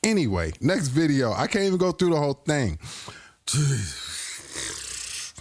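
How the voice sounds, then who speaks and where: A live-stream host with a husky, mid-range voice whose pitch swoops wildly talks slowly as he reacts to clips, in studio-quality sound with no room sound. Playful and crude, his casual banter keeps dissolving into laughter.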